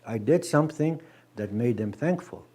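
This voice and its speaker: A man teaching a language class, patient and gentle, repeating words slowly with many halting restarts. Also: medium pitch, animated.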